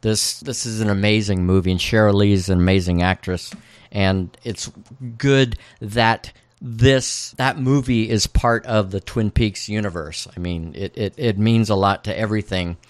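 A man's voice: a little slow, no room sound. A man co-hosting a podcast, casually recapping scenes and reading out the characters' lines. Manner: recounts scenes, reading out quoted dialogue with raised pitch. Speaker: podcast co-host.

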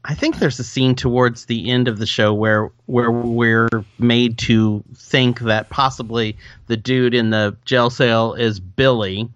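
A man's voice: mid-range voice, steady tone, a little slow, few pauses, fairly bright tone, no room sound, lo-fi sound. A man co-hosting a podcast, chatting casually and enthusiastically about a TV show. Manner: enthusiastic, agreeable. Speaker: podcast co-host. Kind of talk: casual chat.

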